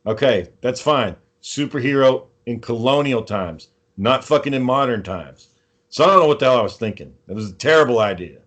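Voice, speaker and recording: A man's voice: medium pitch, expressive, fairly quick, a bit bright. A man hosting a podcast, telling long, profane, rambling stories in casual chat. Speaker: podcast host.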